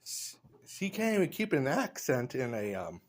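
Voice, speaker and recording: A man's voice: medium pitch, very animated, normal speed. A man in a casual vlog, rambling through blunt opinions with loose asides. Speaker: vlogger.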